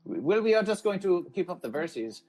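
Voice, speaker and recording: This podcast host has a high, darkish voice with big pitch swings, talking at a moderate pace through poor phone-app audio. Hosting an absurdist comedy show, he refers to himself in the third person, speaks formally with no contractions, and chants his catchphrases over and over.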